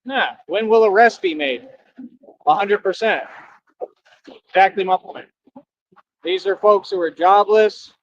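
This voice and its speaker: A man's voice: high-pitched, no echo, muffled recording. A man ranting on a live stream, taunting his critics in a combative way and asking rhetorical questions.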